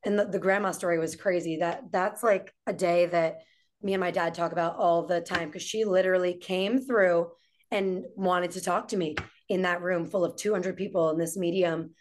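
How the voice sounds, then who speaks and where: Animated storytelling woman guest. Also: on the low side, moderate pace. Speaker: podcast guest, entrepreneur and singer. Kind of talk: casual conversation.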